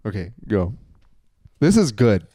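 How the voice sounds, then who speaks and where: A man co-hosting a comedy podcast, playing along with improvised bits in a matter-of-fact, deadpan way. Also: fairly low pitch, measured pace, no room sound, studio quality.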